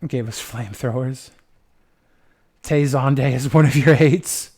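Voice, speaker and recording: A man's voice: medium pitch, measured pace, warm tone. A young man hosting a livestream, chatting casually in a rambling, playful way with lots of swearing. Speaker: livestream host.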